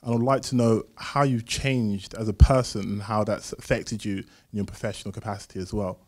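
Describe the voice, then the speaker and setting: A man in the audience asking the panel a question in measured, formal phrasing. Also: fairly low pitch, steady tone, a little mellow.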